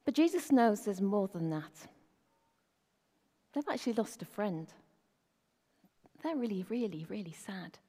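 A woman's voice: medium pitch, expressive, a little slow, long pauses, mellow. A middle-aged woman giving a conversational sermon as a preacher, often asking the listeners rhetorical questions. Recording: long reverb of a hall.

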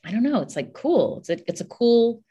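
A woman's voice: on the high side, very animated, brisk, mellow, husky, lo-fi sound. A woman from West Virginia with a faint West Virginia accent, chatting casually as a podcast guest, with many "like" and "um" fillers. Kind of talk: casual interview chat.

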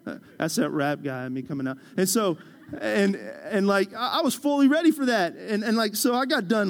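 High-voiced pastor preaching conversationally. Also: male voice, very animated, normal speed. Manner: conversational, storytelling, joking with the congregation. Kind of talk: sermon.

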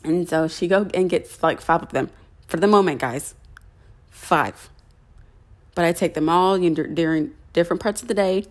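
A woman's voice: lowish voice, brisk, few pauses, a little mellow. Chatty young woman telling her story. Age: young adult. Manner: chatty, many fillers and restarts. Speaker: podcast host. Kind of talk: personal storytelling to listeners.

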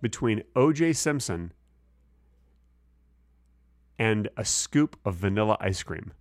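A man's voice: lowish voice, animated, slow, no room sound, clean studio sound. A man co-hosting a comedy podcast, pushing a silly joke with playful insistence. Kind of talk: casual comedic banter.

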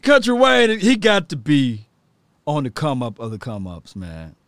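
A man's voice: fairly high pitch, big pitch swings, unhurried, fairly bright tone, dry recording, studio quality. A man casually commenting with amusement while reacting to a comedy video.

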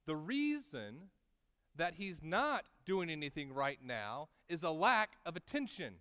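A man preaching a sermon, swinging between loud, emphatic lines and quiet, drawn-out asides. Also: a little high, sing-song, clear, resonant tone, in a large hall. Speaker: pastor.

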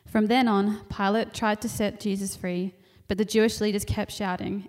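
A woman reads a scripture passage aloud at a steady, measured pace. Her voice sits in an ordinary middle pitch. The delivery is plain and even. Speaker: scripture reader.

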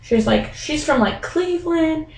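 A young woman with a high, creaky voice tells a story slowly and casually, packing it with fillers like "like" and "um" and acting out the voices of the people involved. The recording is rough, with an echoey room and a faint hiss or hum.

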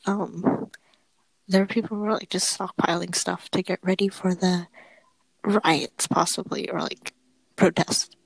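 A woman's voice: fairly low pitch, fairly even intonation, measured pace, vocal fry, breathy edge, no room sound, low-quality recording. A young woman in casual chat as a podcast co-host, giggly, exclaiming often and trailing off mid-thought.

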